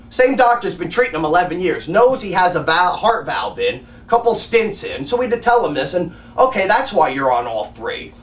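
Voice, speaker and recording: Animated man retelling a heated story. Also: extremely high pitch, normal speed, distant mic. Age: adult with a grandmother and father living. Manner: agitated, animated retelling with acted-out quotes. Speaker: family advocate recounting a doctor visit. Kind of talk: casual personal storytelling. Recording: echoey room, voice away from mic.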